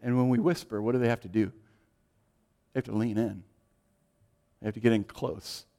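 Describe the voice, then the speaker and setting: A man preaching a sermon, swinging from loud, emphatic lines to hushed, quiet ones. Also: fairly low pitch, steady tone, moderate pace. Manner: dynamic, shifting from loud to hushed. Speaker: pastor.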